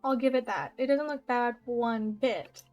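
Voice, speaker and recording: A woman's voice: a little high, a little slow, a little mellow, dull audio, soft background music. A young woman giving casual, chatty gameplay commentary at home, bubbly and giggly, trailing off mid-thought. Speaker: gaming YouTuber. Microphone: desk mic with audible keyboard.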